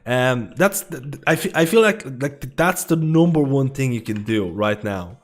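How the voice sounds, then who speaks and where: Dude streaming his game, rambles and repeats himself, swears, calls everyone dude, average pitch. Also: lively intonation, a little slow. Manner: rambling, repetitive, profane, full of "dude" and "man". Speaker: livestreamer. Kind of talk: casual gaming commentary.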